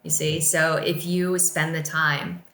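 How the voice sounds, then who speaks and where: Bright-voiced woman in an echoey room. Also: deep voice, level tone, slow pace. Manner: earnest, encouraging explainer. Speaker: podcast guest, office staff. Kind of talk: casual podcast chat.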